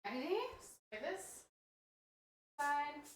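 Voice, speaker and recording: A woman's voice: high voice, expressive, very slow. A young woman streamer chatting casually, telling a story with lots of fillers while she cleans a snake enclosure. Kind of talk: casual chat. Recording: echoey room.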